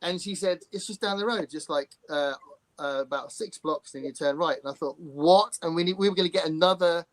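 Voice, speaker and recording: A man with an English accent hosting a casual video-call chat, telling lively stories and chuckling as he goes. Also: fairly high pitch, fairly quick, dry recording. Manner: animated storyteller, chuckles often.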